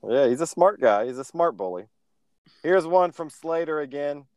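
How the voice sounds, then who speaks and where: A man's voice: a little high, lively intonation, moderate pace, a little mellow, smooth, no echo. Podcast co-host, male, laid-back, dry delivery, runs the segment. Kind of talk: casual movie review chat.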